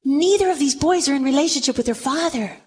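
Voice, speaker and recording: A woman preaching a sermon to a gathered group, telling the story with dramatic emphasis and dropping low for asides. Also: fast talker, a little mellow, in a large hall, a little hiss or hum. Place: church or meeting room with a group.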